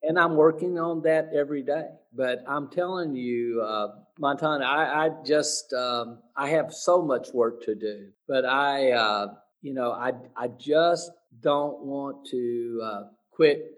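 A man being interviewed, earnest and motivational, halting and searching for words with restarts. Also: mid-range voice, distant mic, rough recording. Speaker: interview guest, speaker and teacher. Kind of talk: sit-down interview.

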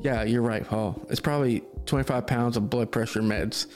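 A man's voice: mid-range voice, steady tone, moderate pace, a little mellow, soft background music, lightly acted. A man voicing snarky teasing young woman. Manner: teasing, mocking.

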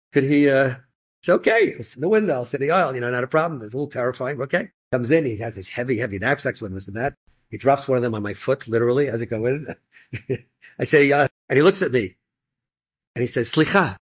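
An older man, a rabbi telling a personal story to a live audience, lively and peppered with Yiddish and Hebrew phrases. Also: mid-range voice, slightly rough.

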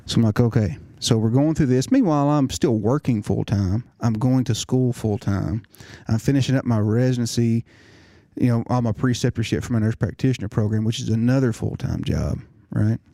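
A man's voice: mid-range voice, moderate pace, creaky, dark tone, no room sound, clean studio sound. A middle-aged man giving an earnest personal testimony, often restarting his words. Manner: earnest storytelling with repeated restarts. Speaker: nurse practitioner telling his story.

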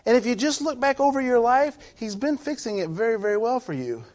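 A man pastor preaching a sermon, swinging from quiet asides to shouted peaks, often restarting his sentences. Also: extremely high pitch, lively intonation, a little fast.

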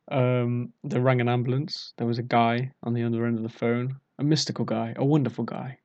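A man's voice: medium pitch, flat delivery, fairly quick, few pauses, darkish tone. A young British man casually telling a rambling, self-mocking party story. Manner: rambling, self-mocking, acts out drunk quotes.

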